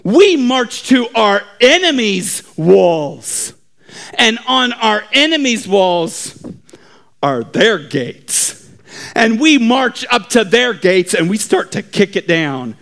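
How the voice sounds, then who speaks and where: A male pastor preaching a storytelling sermon, swinging between hushed asides and shouting. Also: sits high, big pitch swings, slow.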